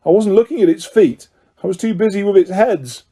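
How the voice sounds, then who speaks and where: A man's voice: high-pitched, fairly quick, dark tone, pitched above the performer's own voice. A man voicing a brave young schoolboy who speaks breathlessly and urgently.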